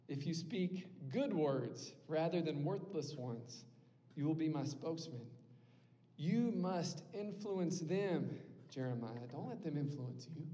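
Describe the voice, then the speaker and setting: A young man with a high-leaning, dark-toned voice preaches an earnest, conversational sermon to a campus ministry group, often asking "right?" The recording carries a long hall reverb.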